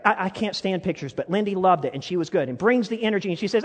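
A man's voice: high voice, lively intonation, fast, few pauses. Fervent male preacher in an echoing church. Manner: impassioned storytelling that drops to soft, intimate tones. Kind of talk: sermon. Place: church sanctuary. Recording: long reverb of a large church hall.

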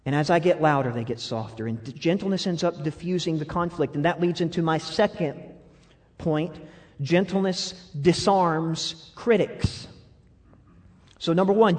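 A young adult man preaching a sermon, animated and laughing often, swinging between loud outbursts and soft asides. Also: sits high, normal speed. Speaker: pastor.

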